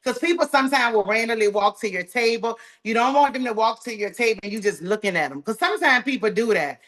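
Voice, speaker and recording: A woman with a Southern US drawl leads a live training call, talking to her group in a folksy, plain way. Her voice sits a touch high, and she sounds energetic and encouraging. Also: quick pace. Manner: folksy, talks straight to the group, says "y'all" often. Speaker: sales trainer.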